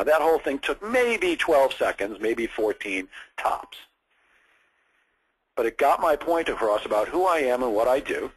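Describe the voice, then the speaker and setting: Husky-voiced male sales coach. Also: mid-range voice, rough recording. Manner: direct, explains step by step with examples. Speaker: sales trainer. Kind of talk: coaching session on phone scripts.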